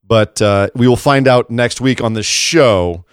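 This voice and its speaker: A man's voice: mid-range voice, unhurried, clear, resonant tone, no echo, studio quality. A man co-hosting a podcast, chatting casually and animatedly about wrestling, often laughing and acting out quotes. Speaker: podcast co-host. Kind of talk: casual wrestling recap chat.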